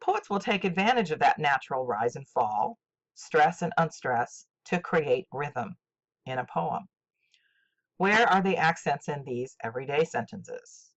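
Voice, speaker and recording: An older woman teaching a scripted literature lesson, speaking slowly and deliberately with clear enunciation. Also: deep voice, animated. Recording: dull lo-fi recording.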